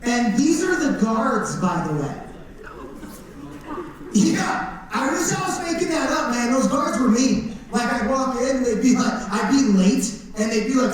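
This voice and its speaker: Animated man on a theater stage. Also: very high voice, unhurried. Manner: animated storyteller acting out voices. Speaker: speaker at a school talk. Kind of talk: comedic motivational talk. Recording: echoey theater from far off.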